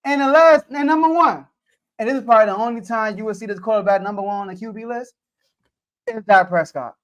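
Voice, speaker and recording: A man from the United States who hosts a sports podcast. He debates in an animated, casual way, throws out rhetorical questions and speaks directly to the athletes. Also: sits high, fast, muffled recording. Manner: animated, rhetorical, talks straight to the players.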